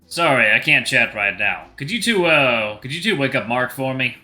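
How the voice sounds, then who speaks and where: A man's voice: mid-range voice, very animated, moderate pace, bright, forceful tone, faint music behind. A man voicing a tired, curt young cook from a visual novel. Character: sleep-deprived young cook, Lars.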